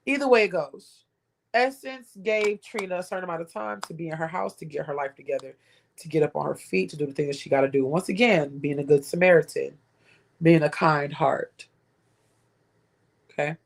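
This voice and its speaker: A woman's voice: low voice, normal speed, creaky. A woman hosting a livestream, giving casual gossip commentary in a rambling way and often repeating her words. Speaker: livestream host.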